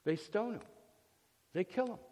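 A man with a fairly high voice teaches from the Bible in a relaxed, storytelling manner, often pausing on fillers and restarting sentences. A long reverb rings around his voice, as if he were recording in a large hall.

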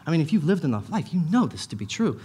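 A middle-aged pastor giving a conversational sermon, with emphatic repetitions and casual asides. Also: male voice, fairly high pitch, very animated, fast talker, dark tone, breathy edge.

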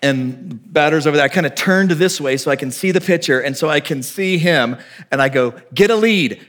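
A man preaching a sermon as a pastor. He tells a story with lively animation, acting out dialogue and swinging between loud and hushed delivery. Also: fairly high pitch, brisk.

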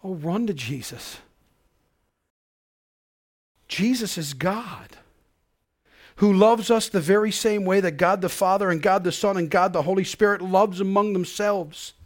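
A male pastor preaching a sermon in an earnest way, dropping to a hush and rising to loud cries. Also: high voice, normal speed. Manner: earnest, swings from hushed to loud.

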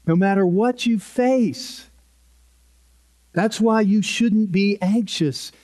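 Slow, high-voiced earnest preacher man. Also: a little mellow. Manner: earnest, emphatic, repeats key phrases. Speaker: pastor. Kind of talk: sermon.

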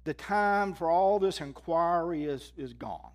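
A male preacher with a somewhat high voice delivers a sermon. He reads scripture with rising force and then drops soft and low for emphasis. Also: animated, unhurried. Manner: impassioned, rising loud when reading scripture, dropping low for emphasis.

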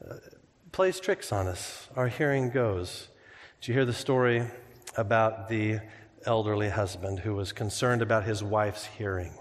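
A man's voice: lowish voice, measured pace. A man preaching a sermon in a church, conversational and humorous, telling stories and jokes as he explains scripture. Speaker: pastor. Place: church sanctuary. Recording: long hall reverb.

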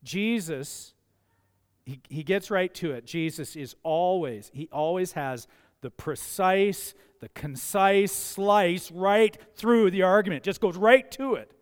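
A man's voice: high-pitched, slow, clean tone. A man preaching a sermon as pastor, talking conversationally with everyday stories and building emphasis on his key points. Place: church sanctuary. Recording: church livestream with long hall reverb.

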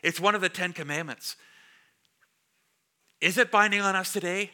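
Bright-voiced pastor preaching conversationally. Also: male voice, sits high, moderate pace, clean tone. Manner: conversational, jokes with the congregation. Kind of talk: sermon. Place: church before a congregation.

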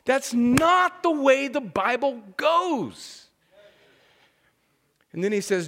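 A man's voice: very high voice, big pitch swings, slow, pauses often, fairly bright tone. A man preaching a sermon as pastor, talking in a conversational, emphatic way that often restarts its sentences.

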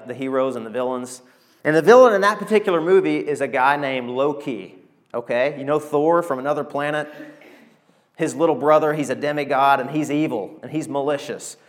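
A man, preaching a sermon and telling stories with animated, emotional delivery. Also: mid-range voice. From Arkansas, USA. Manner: animated storytelling preacher, emotional, calls to the congregation. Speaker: pastor.

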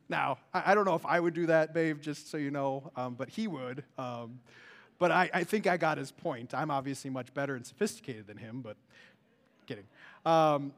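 A man preaching a sermon as a pastor, earnest, rising loud and then dropping to a hush. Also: high-pitched, moderate pace. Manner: earnest, swings from loud to hushed.

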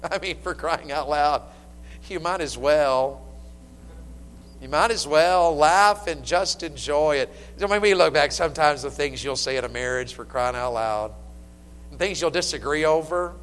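Animated preaching man in a reverberant hall. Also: a little high, unhurried. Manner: animated preaching, swings from loud to hushed. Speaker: pastor. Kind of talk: sermon. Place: church sanctuary. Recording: long hall reverb, faint hum.

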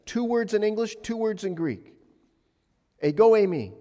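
A male pastor preaching a sermon with emphasis, swinging between loud passages and hushed ones. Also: sits high, animated, normal speed. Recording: long reverb of a large hall.

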